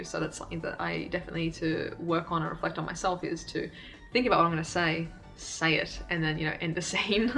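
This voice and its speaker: Young woman vlogger, candid and self-deprecating, lower flat voice. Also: creaky. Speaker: YouTube creator. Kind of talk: casual reflective vlog talk.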